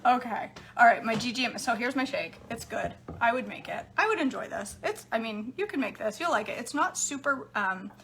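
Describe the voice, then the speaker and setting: A woman's voice: on the high side, expressive, brisk, hardly any pauses, fairly bright tone, a little hiss or hum. Chatty woman with a raised voice. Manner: chatty and laughing often, talking to live viewers. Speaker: home cooking vlogger. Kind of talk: casual chat while making drinks.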